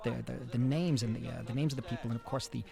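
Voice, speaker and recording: A man, a film director, speaking in a reflective audio commentary, with frequent pauses, fillers and restarts. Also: medium pitch, gravelly, music in the background.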